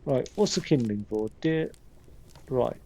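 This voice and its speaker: A man's voice: medium pitch, expressive, unhurried, dark tone, a little hiss or hum. A man streaming a game, chatting casually, swearing freely and reading game text aloud under his breath. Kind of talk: casual gameplay commentary.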